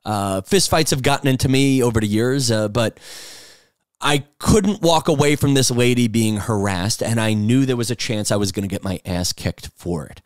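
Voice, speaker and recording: New guy in his 40s or so rambling on his podcast, animated storyteller, dry close mic. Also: medium pitch, moderate pace, dry recording. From New York City. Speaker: podcast host. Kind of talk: casual monologue.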